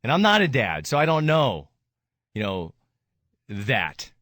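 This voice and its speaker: A man's voice: medium pitch, very animated, measured pace, fairly bright tone, no echo, clean studio sound. A man hosting a radio show, talking rawly about grief and rising into anger. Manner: raw, grieving, rises to anger. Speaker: radio host. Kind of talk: emotional radio talk.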